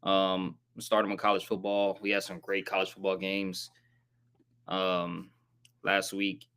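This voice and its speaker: A man hosting a casual live sports recap, rambling in slangy, profane talk and saying he sounds flat and let down. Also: sits low, unhurried, clean tone. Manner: says he sounds monotone and disappointed. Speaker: sports channel host.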